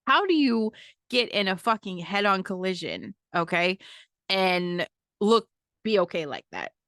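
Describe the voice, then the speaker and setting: A woman's voice: medium pitch, big pitch swings, unhurried, a bit bright, no room sound, clean studio sound. A woman hosting her own podcast, telling a story in a casual, emphatic way, swearing freely and checking in with "okay?" often. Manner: emphatic, profane, repeats "okay?" to the listener. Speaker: podcast host.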